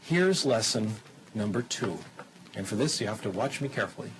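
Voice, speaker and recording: A man gives a lecture to a television audience in an even, mid-pitched voice. He teaches in a lively, demonstrative way, firing off rhetorical questions and slipping into simple, slow German to make his point. A faint hum runs behind him. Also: poor audio. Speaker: lecturer on language acquisition.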